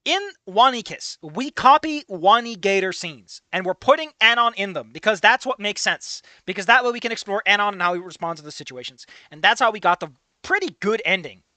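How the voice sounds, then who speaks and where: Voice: mid-range voice, expressive, brisk, bright, forceful tone, no echo. A streamer ranting in a profane, exasperated way and laughing often as they react on stream.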